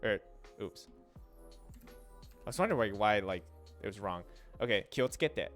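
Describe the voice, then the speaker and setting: A young man with a fairly low voice talks casually through a pronunciation lesson on a livestream. He trails off, restarts and slows down to sound out syllables. Faint music plays softly behind him. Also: lively intonation. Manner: loose and chatty, trails off and restarts, demonstrates sounds slowly. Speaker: streamer teaching Japanese.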